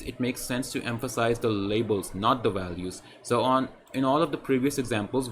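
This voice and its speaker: A man in a relaxed screen-share tutorial, explaining design at an ordinary mid pitch. He repeats his points and keeps checking in with a quick "right?". Faint hiss sits under the voice. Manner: conversational, repetitive, often adds "right?".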